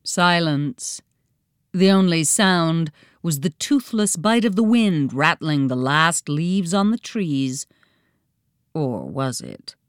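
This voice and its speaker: Female storybook narrator: slow, expressive, smooth, close and dry. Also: on the low side, no room sound. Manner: slow, expressive, dramatic reading.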